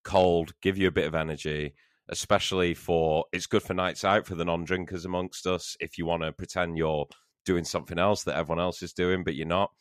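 Deep dry-voiced man. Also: flat delivery, a little fast, smooth, no echo. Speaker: podcast co-host. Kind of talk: casual chat.

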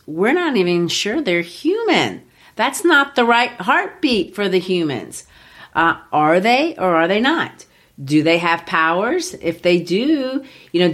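A woman co-hosting a podcast, casually and enthusiastically explaining a play, tapping out rhythms aloud as she talks. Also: fairly low pitch. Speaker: podcast co-host. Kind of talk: casual explanatory chat about literature.

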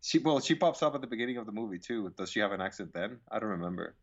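A man's voice: lowish voice, expressive, racing, husky. Laughing man on dull lo-fi audio. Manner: laughing, loose and profane. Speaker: podcast co-host. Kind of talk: casual movie review chat.

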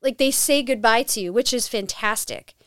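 A woman guest on a podcast, telling her paranormal investigation story in a casual, animated way and acting out quotes. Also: fairly high pitch, normal speed, clean tone, no echo.

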